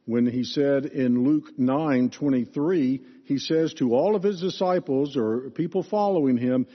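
A man preaching a sermon as pastor, teaching in an expressive, emphatic way. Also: medium pitch, unhurried. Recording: reverberant hall, dull lo-fi sound.

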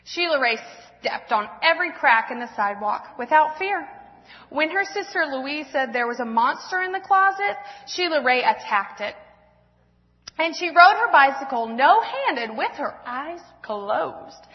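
A woman in her thirties reads a children's story aloud to a church congregation, expressive and gentle. Her voice sits high. The sound is muffled and carries a long reverb through the church hall. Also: measured pace. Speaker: church speaker. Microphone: handheld or stand mic.

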